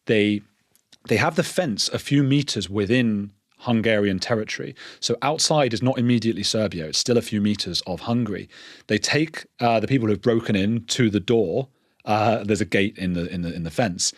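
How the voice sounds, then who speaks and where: Low-voiced English man, quick and earnest. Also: no echo, clean studio sound. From England. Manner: quick, earnest, restarts often. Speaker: podcast guest. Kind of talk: conversational interview.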